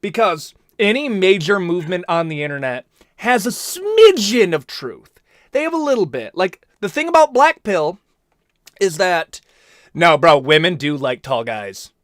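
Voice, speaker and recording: Young male streamer, bright, dry close sound, animated slangy rambling. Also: sits high, normal speed, dry recording. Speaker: host. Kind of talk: casual live-stream chat.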